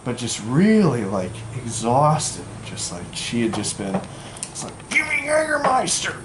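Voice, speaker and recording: A young man with a medium-pitched voice and big pitch swings slowly rambles through a casual anecdote, packing it with fillers and acting out quoted voices. The room is echoey and the background noise is loud.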